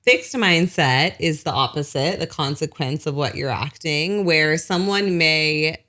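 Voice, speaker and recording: A woman's voice: low voice, measured pace, pushed and bright. A woman psychologist, a guest on a podcast, explaining at length in casual talk with lots of "like" and "you know.". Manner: acts out short parent quotes in other voices.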